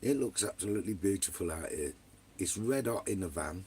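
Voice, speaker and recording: A man's voice: low-pitched, expressive, normal speed, a little mellow, a little hiss or hum. An Englishman, casually chatting live from his camper van with viewers, full of banter and swearing, calling everyone mate and son. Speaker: vanlife live streamer.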